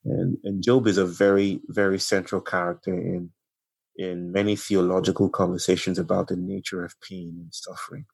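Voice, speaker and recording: A man speaking as a podcast guest, telling a story in slow, poetic, meditative phrasing. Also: low-pitched, flat delivery, gravelly, a little mellow, husky. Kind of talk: reflective conversational storytelling.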